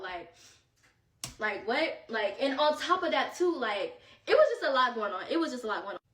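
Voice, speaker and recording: A woman telling a vacation story in casual storytime style, animated and slangy, slightly out of breath. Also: a little high, brisk, distant mic, slight background noise. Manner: animated, slangy, quoting friends in bursts. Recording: echoey room, voice set back from mic.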